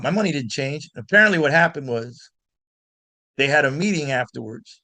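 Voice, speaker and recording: Guest musician, male, from Miami, slightly higher voice, lively anecdotal storyteller who restarts sentences. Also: normal speed. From Miami, United States. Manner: animated anecdotes with frequent restarts. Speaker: guest blues guitarist. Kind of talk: storytelling in an interview.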